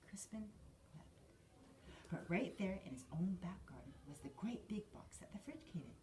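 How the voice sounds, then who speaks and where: Filmed on a handheld camera, a woman with a lowish voice reads a children's story aloud at a moderate pace, lively and acting out every character. A slight hiss or hum is present.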